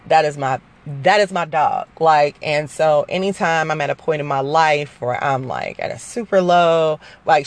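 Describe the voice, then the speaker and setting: A woman in her forties telling a personal story in a casual, profane, rambling way, full of fillers. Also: low voice. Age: 40s.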